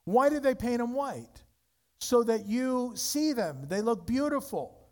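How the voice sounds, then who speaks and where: A man preaching a sermon as pastor, emphatic, with wide swings between loud high peaks and low quiet stretches. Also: expressive, a little slow.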